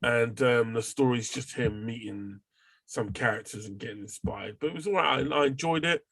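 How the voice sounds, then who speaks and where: A man's voice: mid-range voice, normal speed, creaky, fairly bright tone, slightly rough, no room sound. A man hosting a casual podcast chat. He rambles with lots of fillers and the odd swear word. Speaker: podcast host.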